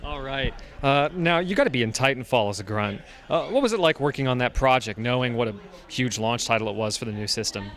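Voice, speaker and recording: A man asks a guest questions at a convention. His voice sits in a middle pitch, and he moves from one upbeat question to the next. He leans on short fillers as he goes. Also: lively intonation, a little fast, a bit bright. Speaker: interviewer. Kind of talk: convention interview.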